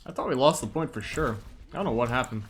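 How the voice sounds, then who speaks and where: A young man chatting casually while streaming a game, excitable and quick to laugh. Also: mid-range voice, slight background noise. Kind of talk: casual gameplay commentary.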